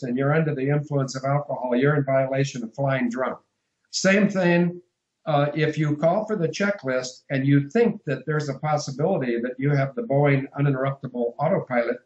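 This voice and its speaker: A man's voice: on the high side, a little mellow. Man on an echoey, muffled line. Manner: discursive, emphatic, spells out letters. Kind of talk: phone-in radio interview.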